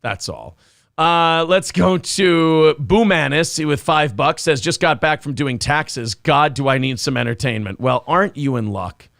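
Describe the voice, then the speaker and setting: A man's voice: fairly high pitch, expressive, unhurried, creaky, a bit bright, no echo, clean studio sound. A man co-hosting a morning talk show, joking crudely and reading viewer comments aloud. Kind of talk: crude casual banter.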